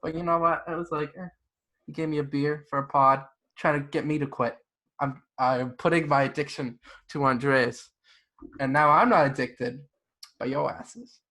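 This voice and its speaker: A young man hosting a podcast in casual chat, blunt, animated and full of profanity. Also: a little high, normal speed. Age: young adult. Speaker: podcast host.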